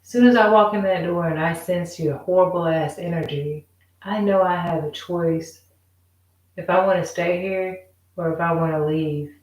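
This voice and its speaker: A woman's voice: fairly low pitch, steady tone, normal speed, darkish tone, echoey room, far from the mic, low-quality recording. A woman in a casual, rambling monologue, emphatic and repeating herself as she vents. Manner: rambling, emphatic, repeats "you know what I'm saying". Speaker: vlogger.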